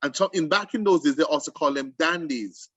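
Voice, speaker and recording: Animated man with a lilt. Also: on the high side, a little fast, slightly rough, no room sound, lo-fi sound. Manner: animated, emphatic explainer with restarts. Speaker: host. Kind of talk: casual literary discussion for students.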